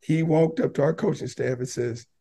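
A man talking casually as a podcast guest, telling lively stories and breaking into raised voices to act out what others said. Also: a little high, normal speed. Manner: animated, laughing, acts out quotes in raised voice. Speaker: podcast guest, basketball coach. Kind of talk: casual storytelling.

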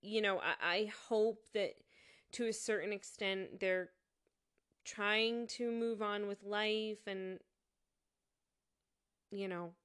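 Woman commentator, reflective and hesitant, measured slow pace, smooth tone. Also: mid-range voice, fairly bright tone. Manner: thoughtful, halting, with many fillers and restarts. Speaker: commentator reviewing a show. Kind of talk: casual spoken commentary.

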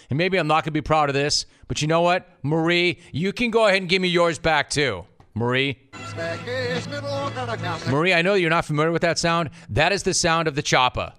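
A man's voice: fairly high pitch, lively intonation, brisk, pushed and bright, clean tone, faint music behind. A middle-aged man hosting a sports talk radio show, delivering a sarcastic, mock-indignant rant.

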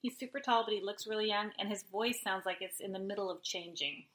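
A woman co-hosting a casual recap chat, opinionated and quick to tease. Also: mid-range voice, a bit bright. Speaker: podcast co-host.

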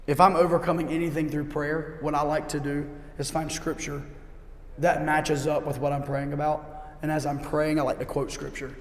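A middle-aged man preaching a sermon as a pastor. He is emphatic and repeats key lines slowly for effect. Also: a little high. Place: church sanctuary. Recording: echoey hall with long reverb.

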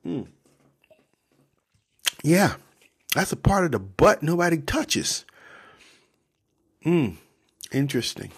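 A man hosting a devotional podcast, retelling scripture in loose, slangy language. His pitch swings widely as he jokes and drives home a point, sometimes dropping to a whisper. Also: slow, long pauses, husky. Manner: animated, slangy, laughs at his own jokes. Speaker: podcast host. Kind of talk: casual devotional Bible retelling.

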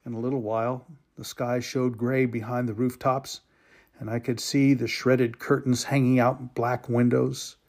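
Man reading a story with slow emotion. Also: medium pitch, flat delivery, darkish tone.

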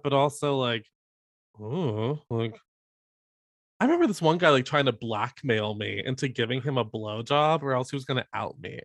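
A man co-hosting a podcast in casual chat, animated and jumping into high mock voices when quoting people. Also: moderate pace, no room sound. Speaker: podcast co-host.

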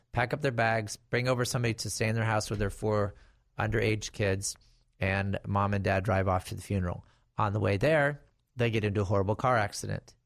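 A middle-aged estate planning attorney explains guardianship to viewers, telling it conversationally like a story and adding emphatic warnings. His voice is on the low side with vocal fry, recorded dry and at studio quality.

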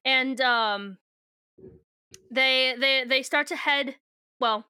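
A woman's voice: sits high, takes it slowly, pauses often, pushed and bright, smooth, no room sound. A young woman co-hosting a podcast in casual chat, rambling through a book recap, swearing freely and laughing often.

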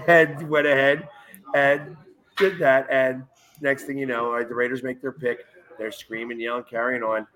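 A man co-hosting a casual sports talk show, telling lively anecdotes and quoting people in a raised voice. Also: medium pitch, measured pace, poor audio. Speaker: podcast co-host. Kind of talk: casual chat, storytelling.

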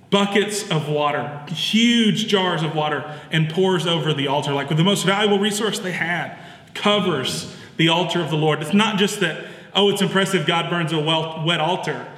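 A man preaching in a loose, conversational manner, stopping and restarting his sentences as he goes. His voice sits on the higher side and sounds bright and forceful. It rings out in a big echoey hall with a long reverb tail. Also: normal speed. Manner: relaxed, chatty with many fillers and restarts. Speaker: pastor. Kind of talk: conversational sermon.

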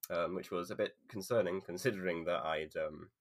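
A man's voice: deep voice, fairly quick. A man hosting a podcast, chatty and encouraging toward his guest. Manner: chatty, laughs often, encouraging. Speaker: podcast host. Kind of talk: casual chat.

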